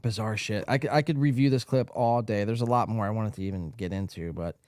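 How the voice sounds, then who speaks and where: A male podcast host giving loud, profane, mocking commentary on a live stream, laughing often, tired late at night. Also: on the low side, brisk, dry recording, clean studio sound.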